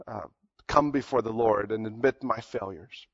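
A man's voice: fairly low pitch, normal speed, breathy edge. Earnest preacher man, lo-fi sound. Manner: earnest storytelling, drops to near-whispers and rises for emphasis. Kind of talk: sermon. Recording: dull lo-fi recording.

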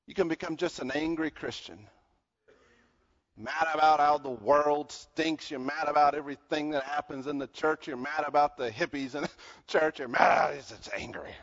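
Male pastor from the American South, high voice, animated sermon delivery, muffled recording. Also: big-room sound. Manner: animated preaching, swings between loud and quiet.

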